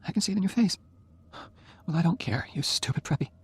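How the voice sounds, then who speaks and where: A man reading an audiobook voices a frail, dying young woman who speaks softly and teasingly. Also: sits high, lively intonation, quick pace, slightly rough, voice pushed up, exaggerated voice. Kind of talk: audiobook character voice.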